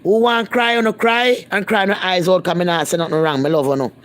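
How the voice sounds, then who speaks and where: A woman's voice: on the low side, steady tone, brisk. Blunt Jamaican woman chatting in patois. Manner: blunt, emphatic and repetitive, in patois. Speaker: vlogger. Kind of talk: casual live-stream chat.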